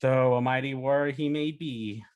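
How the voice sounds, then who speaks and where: Man putting on a grave cartoon trailer narrator, slow, epic, dramatic. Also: mid-range voice, steady tone, a little mellow, no echo, natural voice.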